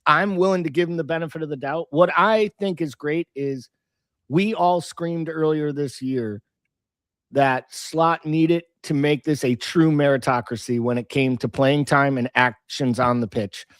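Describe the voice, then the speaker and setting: A man co-hosting a casual football podcast, measured and analytical, laying out his points one by one. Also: on the high side, no room sound, studio quality. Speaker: podcast co-host.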